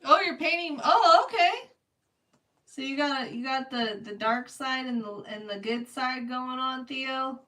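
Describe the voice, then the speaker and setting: Woman streamer painting live, talks slow and a touch high, chatty and giggly, mic a little distant. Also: expressive, sharp tone. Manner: chatty, answers viewers by name, laughs often. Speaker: livestreaming artist. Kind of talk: casual live-stream chat while painting.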